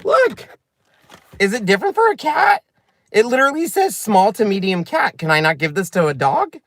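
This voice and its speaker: A man hosting a crafting channel, chatting excitably and breaking into giggles while opening gifts in his car. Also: high voice, normal speed. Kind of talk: casual unboxing vlog. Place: inside a parked car.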